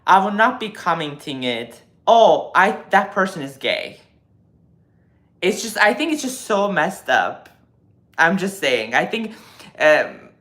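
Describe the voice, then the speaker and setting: On a relaxed live stream, a twentysomething man responds to viewer comments he reads aloud, lecturing animatedly and using plenty of fillers. His pitch is fairly high.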